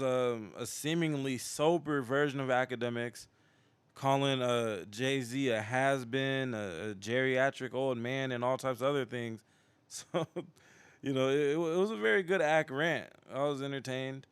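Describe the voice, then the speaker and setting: A man hosting a livestream show, giving casual commentary in a relaxed, hesitant way with many restarts. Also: mid-range voice, smooth, no room sound.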